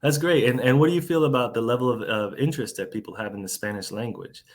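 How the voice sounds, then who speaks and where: A man's voice: mid-range voice, fast. A man from the United States hosting a podcast interview, talking casually with many restarts and fillers over a remote call.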